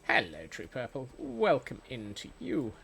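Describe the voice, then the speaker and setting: A man's voice: medium pitch, wildly swooping pitch, a little slow, vocal fry, a bit bright. A man chatting casually while streaming a game, rambling and playful, with many fillers and restarts. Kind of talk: casual gameplay chat. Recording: faint music behind.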